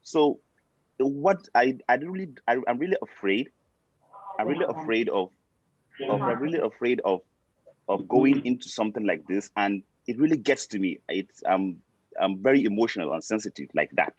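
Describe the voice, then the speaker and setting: A man's voice: lowish voice, animated, moderate pace, darkish tone, slightly rough, lo-fi sound. A man asking a question over a video call from his car, talking hesitantly and repeating words. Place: parked car. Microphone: video call on phone.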